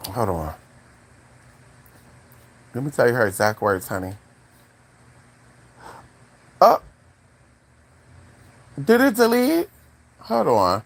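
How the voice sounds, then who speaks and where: A woman vlogger telling a casual story to her viewers, animated, with asides to the audience. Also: slow, pauses often, husky. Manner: animated, swoops high for quoted voices, chatty asides to viewers.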